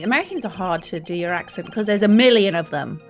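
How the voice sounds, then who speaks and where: A woman's voice: medium pitch, animated, fast talker, few pauses, faint music behind. A British woman live-streaming a courtroom game, chatty and self-mocking, laughing often. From Britain.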